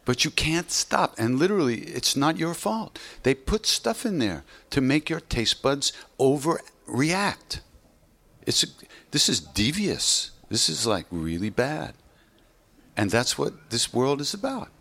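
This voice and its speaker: A man leads an informal spiritual talk on practice and attention. He speaks in a loose, conversational way, doubling back on himself and tossing in "you know" often. His voice sits at an ordinary middle pitch for a man. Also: very animated, slow, a bit bright. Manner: conversational and rambling, with self-interruptions and frequent "you know". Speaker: meditation teacher.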